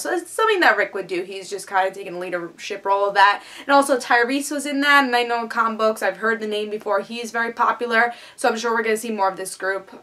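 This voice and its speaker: A woman's voice: mid-range voice, fairly bright tone. A woman giving a casual, eager TV episode review, chatty and full of fillers. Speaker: TV show reviewer.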